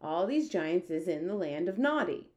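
A woman's voice: fairly low pitch, normal speed. A woman voicing a big friendly male giant who mangles his words, eager and muddled. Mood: excited. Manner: eager, muddled speech, lively.

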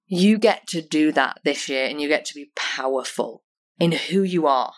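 An English woman with a slightly low voice speaks to her listeners as a motivational coach. She is earnest and emphatic, and she keeps coming back to repeated rhetorical questions. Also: lively intonation, normal speed. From United Kingdom. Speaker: podcast host and personal coach. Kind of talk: motivational podcast monologue.

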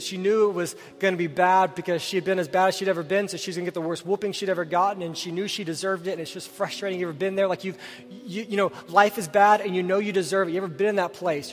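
A man preaching a sermon in a church, telling a story earnestly and asking his listeners direct questions before leading a prayer. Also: high voice. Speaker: pastor. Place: church sanctuary. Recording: reverberant hall with faint music.

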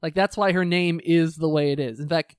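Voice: mid-range voice, fairly quick, smooth, dry recording, studio quality. A podcast co-host chatting casually, swearing often and ranting with energy about shows they love and hate. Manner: profane, animated ranting.

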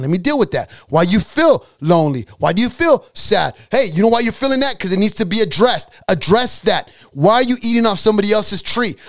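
A man preaching a sermon on divine healing, repeating lines for emphasis, asking rhetorical questions and slipping into casual, colloquial grammar. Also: high-pitched. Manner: colloquial, drops into dialect grammar.

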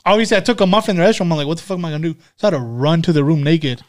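A man's voice: a little high, animated, racing, background noise. A man co-hosting a podcast, telling a long, profanity-heavy story in casual chat. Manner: profane, rambling, repeats "dude" and "fucking". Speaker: podcast co-host. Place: currently in Mexico, joining remotely.

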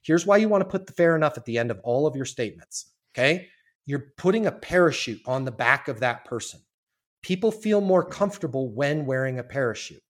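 A man's voice: medium pitch, animated, fairly quick. A man talking as a sales trainer on a podcast, emphatic and casual, acting out sales calls and swearing now and then. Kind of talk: energetic podcast coaching.

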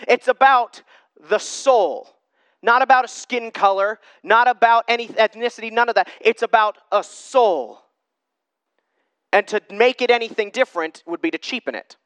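A man's voice: high voice, animated, normal speed, a bit bright, clear, resonant tone, dry recording. A man preaching an informal sermon in an emphatic way, repeating rhetorical questions to drive his points home. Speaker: Christian preacher.

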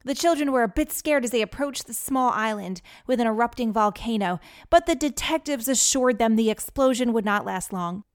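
A woman narrating a children's adventure story in a lively, clear manner. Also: a little high, moderate pace, hardly any pauses.

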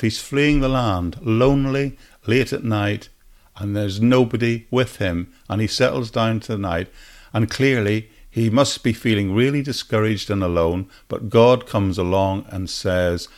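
A man with a fairly low voice teaches scripture on his podcast in an earnest, devotional way. He often repeats a phrase to drive it home and turns to the listener with rhetorical questions. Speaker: Bible teacher and podcast host. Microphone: podcast microphone.

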